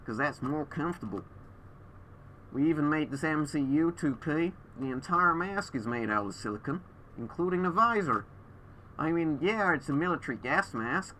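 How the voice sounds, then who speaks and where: A man's voice: fairly high pitch, pushed and bright, slight background noise. A man putting on the voice of a smug military mask designer, muffled through a gas mask. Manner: mocking, offhand.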